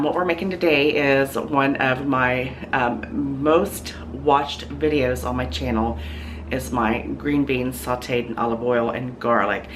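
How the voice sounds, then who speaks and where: A woman's voice: a bass voice, background noise. A woman hosting her own cooking channel, talking casually through a recipe in her home kitchen with lots of ums and restarts. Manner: chatty, with many ums and restarts. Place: home kitchen, food sizzling in a pan.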